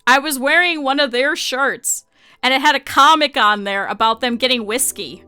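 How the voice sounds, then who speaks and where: A young woman with a high, bright voice tells a story to her stream in a loose, chatty way. She is animated and laughs often as she talks, and faint music plays under her voice. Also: brisk, clear, resonant tone. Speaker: VTuber streamer. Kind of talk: casual storytelling to stream chat.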